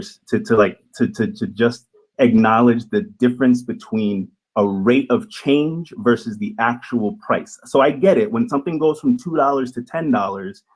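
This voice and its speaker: A man on a discussion panel who explains his points calmly and patiently. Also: medium pitch, breathy edge, poor audio. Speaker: panel guest. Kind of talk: panel debate.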